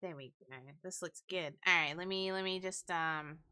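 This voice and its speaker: A woman's voice: fairly low pitch, steady tone, moderate pace, pushed and bright, clean tone. A young woman co-hosting a live stream in casual chat, giggly and teasing. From Great Britain. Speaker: stream co-host.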